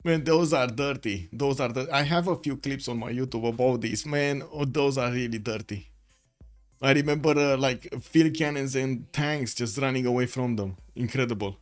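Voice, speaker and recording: A young man whose first language is Romanian calls a strategy game alone on his stream, his voice sitting at a middle pitch. He rambles easily from the play to his chat and back, and quiet music plays beneath him. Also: normal speed. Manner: rambling, chatty, reads and answers chat mid-cast. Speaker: esports caster. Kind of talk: solo game commentary on a live stream.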